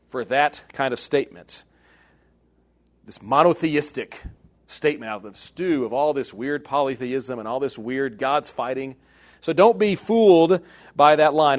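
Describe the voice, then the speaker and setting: A man teaching a Bible class in sermon style, animated and jokey, swinging between loud emphatic bursts and hushed asides. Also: mid-range voice.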